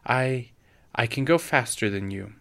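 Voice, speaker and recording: A man's voice: mid-range voice, unhurried, a bit bright. A man voicing a frightened young pioneer girl who talks in breathless, urgent bursts.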